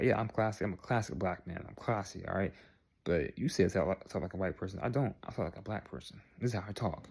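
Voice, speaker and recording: A young man speaking in a slightly low voice, sincere and insistent. He talks straight to the camera, circles back to the same points, and tags them with a quick check for agreement. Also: vocal fry, a little mellow. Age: young adult. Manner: earnest, repeats points, tags lines with "all right?". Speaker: vlogger. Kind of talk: direct-to-camera monologue.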